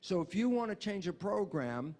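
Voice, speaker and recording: A man being interviewed, explaining ideas in an animated way and acting out little dialogues. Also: sits high, moderate pace. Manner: animated, acts out dialogues in quotes. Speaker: interview guest.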